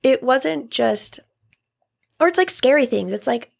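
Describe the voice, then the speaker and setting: A woman's voice: high voice, expressive, measured pace, creaky. A pregnant woman in her twenties chatting casually, telling her story with wry, laughing humor. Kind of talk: casual chat.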